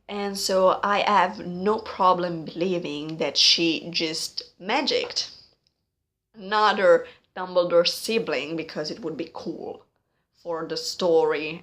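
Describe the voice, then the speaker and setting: A woman's voice: lowish voice, fairly bright tone. A woman vlogging her opinions casually, hesitant and full of fillers as she searches for words, sounding frustrated and critical.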